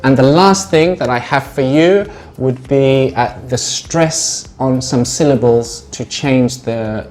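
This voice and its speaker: A man's voice: mid-range voice, takes it slowly. British man explaining English usage. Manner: relaxed, explanatory, with frequent "uh" fillers. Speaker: English language tutor.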